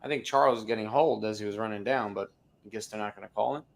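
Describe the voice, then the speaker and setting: A man co-hosting a fan sports livestream with teasing, laughing banter and quick reactions. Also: fairly low pitch, creaky. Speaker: co-commentator.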